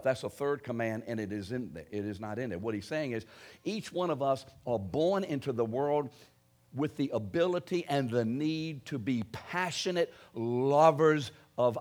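Man, preacher, sermon, emphatic, swings between loud stresses and low quiet lines.

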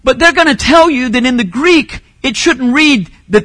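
Bright high-voiced man preaching a sermon. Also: lively intonation, moderate pace, few pauses, no room sound. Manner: teaching, emphatic, rises to shouting on key phrases. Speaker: pastor.

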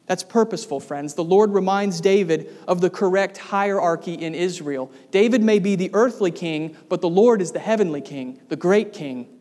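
A man's voice: high-pitched, normal speed, few pauses, a little mellow. A man preaching a sermon, speaking emphatically and putting rhetorical questions to the congregation. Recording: long reverb of a large hall.

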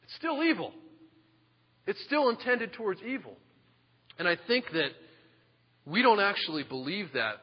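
A male pastor preaching a sermon, animated and joking, dropping from loud emphasis to a hushed voice. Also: sits high, a little slow, pauses often, slightly rough. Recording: dull lo-fi sound with long reverb.

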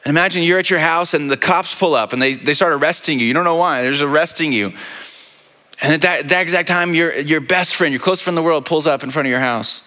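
A male pastor delivers a sermon in a loose, conversational storytelling manner, checking in with the congregation through rhetorical questions. His bright voice carries through a church sanctuary with a long, lingering reverb. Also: a little high, fast talker. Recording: long reverb of a large hall.

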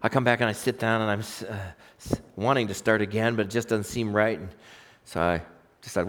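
A man preaching a sermon, swinging between emphatic, raised exhortation and quiet personal storytelling. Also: on the low side, steady tone, fairly quick. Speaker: pastor.

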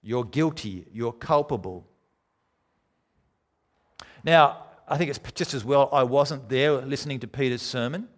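A man preaching a sermon, emphatic, swinging between loud declarations and quiet, low lines. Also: unhurried, long pauses.

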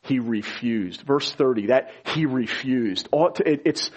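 A man preaching a sermon as pastor, explaining scripture and rising to loud, high-pitched emphasis when stirred. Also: a little slow, breathy edge.

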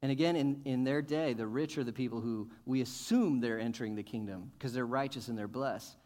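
A male pastor preaching a sermon, asking questions and building to emphatic, loud points. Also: medium pitch, a little fast. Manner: rises to emphatic, loud peaks, asks the congregation questions.

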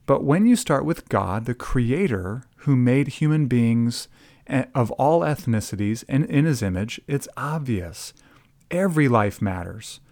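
A man hosts a commentary podcast at a middle pitch, deliberate and emphatic. He slows down to press his main points home. The sound is dry and close. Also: expressive, a little mellow, no echo. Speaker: podcast host.

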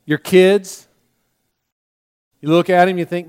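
A man preaching a sermon as pastor, repeating key lines and acting out his listeners' worries in quick asides. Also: high voice, fairly even intonation, a little mellow, clear, resonant tone.

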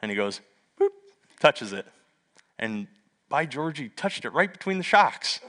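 A middle-aged male pastor preaching a sermon, telling stories in a lively way with humorous asides. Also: medium pitch, normal speed. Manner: lively storytelling with asides and self-deprecating humor.

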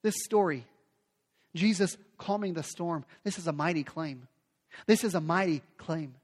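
A man's voice: a little high, normal speed. A man preaching a sermon with emphatic delivery, often repeating phrases for effect. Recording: long hall reverb.

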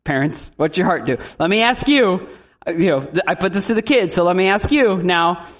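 A man preaching a sermon as a pastor, in a lively style with animated asides. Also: high-pitched, brisk.

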